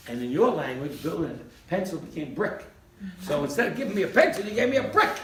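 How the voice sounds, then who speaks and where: An animated male rabbi with a bright, lively voice that leaps up high when he acts out little scenes. He sounds set back from the mic in an echoey room, with a faint hiss underneath. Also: fast, distant mic. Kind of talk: Torah class.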